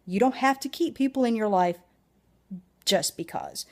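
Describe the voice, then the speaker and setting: A woman's voice: on the high side, lively intonation, moderate pace, long pauses. A woman with a Southern US accent giving a blunt, emphatic motivational talk to camera, swearing freely. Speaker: vlogger.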